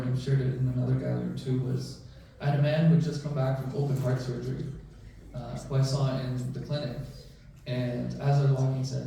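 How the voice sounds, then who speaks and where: A man's voice: medium pitch, vocal fry, dark tone. A man who is a physician, giving a conversational talk to a mosque audience and often checking in with "right?" and "you know". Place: large mosque prayer hall. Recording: echoey hall, voice from far off.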